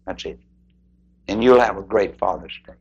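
An older man preaching a sermon, swinging between loud high peaks and hushed low passages. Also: normal speed, husky, muffled recording. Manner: preaching with sudden swoops in pitch and loudness, shouting at peaks.

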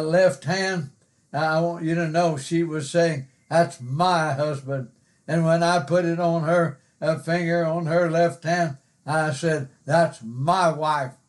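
Slow, emphatic older man preaching. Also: on the high side. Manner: slow, emphatic, repeats words with many fillers. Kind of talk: sermon.

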